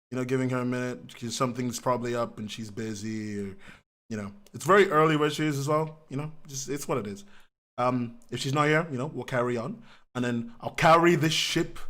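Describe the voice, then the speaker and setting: Brief: male livestream host, mid pitch, loose rambling chat with viewers, casual swearing. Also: a bit bright. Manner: rambling, greets viewers by name, frequent laughs and restarts. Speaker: podcast host.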